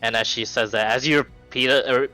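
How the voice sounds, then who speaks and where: Man, game master, bright crisp voice, halting narration full of ums, faint music behind. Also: medium pitch, steady tone, poor audio.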